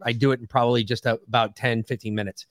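A man's voice: medium pitch, steady tone, fast talker, a bit bright, no echo. Guy on a podcast rambling thru a crude story, lots of swearing, dry close sound. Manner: profane, rambling anecdotal storyteller. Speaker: podcast co-host. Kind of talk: casual storytelling chat.

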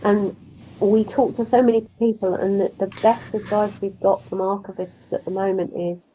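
Casting: woman storyteller, wry and lively, conversational, prone to tangents. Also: mid-range voice, moderate pace, slight background noise, poor audio. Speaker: storyteller guest. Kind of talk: conversational interview.

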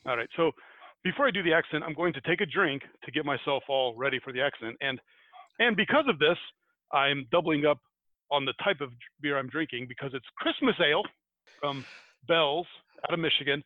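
A man's voice: a little high, animated, brisk, dry recording. Chatty American man, tinny dry audio. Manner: rambling, self-interrupting, laughs at himself. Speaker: podcast host. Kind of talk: casual podcast chat and folktale retelling. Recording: tinny phone-like dry sound.

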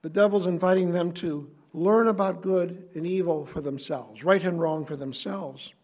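A male preacher gives an earnest sermon in a high, husky, slightly mellow voice at normal speed. His teaching is conversational, plain, and direct, with emphasis on his key points.

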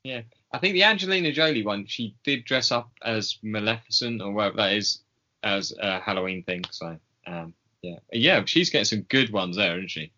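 A fairly low-pitched, expressive man with a sharp tone co-hosts a casual podcast at a moderate pace. He drifts from point to point with lots of ums and chuckling, recorded in dull lo-fi quality.

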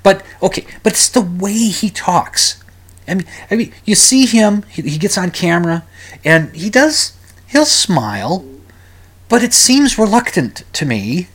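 A man's voice: high voice, very animated, measured pace, husky. A man hosting a solo podcast, rambling and ranting with frequent restarts, sighs and exasperated groans. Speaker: podcast host.

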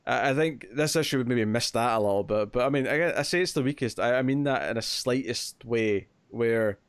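A man co-hosts a relaxed comic book podcast. He cracks jokes and walks through the plot in long stretches. His voice sits at a middle pitch and is recorded dry and close. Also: fairly quick, clear, resonant tone, dry recording. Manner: jokey, recaps plots at length. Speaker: podcast co-host. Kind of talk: casual comic book discussion.

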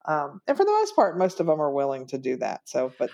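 A woman grant writer on a podcast, explaining things in a practical, step-by-step way with fillers along the way. Her voice is notably low for a woman. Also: huge pitch swings, a little fast, creaky, a little mellow. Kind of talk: casual podcast chat.

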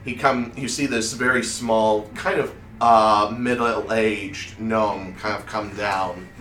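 A man running a tabletop game, narrating slowly with plenty of fillers. His voice is bright and a touch sharp. The recording is roomy and picked up from a distance, with faint noise behind it. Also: on the low side, fairly even intonation. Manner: unhurried, full of fillers. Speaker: game master. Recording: echoey room, distant mic, faint noise.

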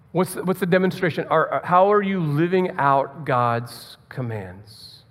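A man's voice: fairly high pitch, lively intonation, normal speed, few pauses, long reverb tail. A man preaching a sermon in a conversational way, repeating words and asking the listeners rhetorical questions. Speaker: pastor.

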